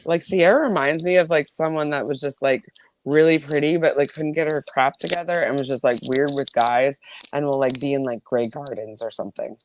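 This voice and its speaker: A woman's voice: low-pitched, brisk, slight background noise. A woman hosting a casual chat, rambling and giggly, with lots of "like". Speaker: host.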